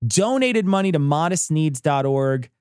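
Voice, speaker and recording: A man's voice: a little high, expressive, measured pace, darkish tone, clear, resonant tone, dry recording, studio quality. A man co-hosting a podcast, chatting casually, joking and laughing often. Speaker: podcast co-host. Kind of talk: casual comedic chat.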